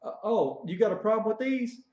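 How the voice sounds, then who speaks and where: A man doing a yelling bully drill sergeant. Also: high-pitched, expressive, brisk, voice pushed up. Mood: taunting. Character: loud aggressive male army drill sergeant. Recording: dull echoey room recording.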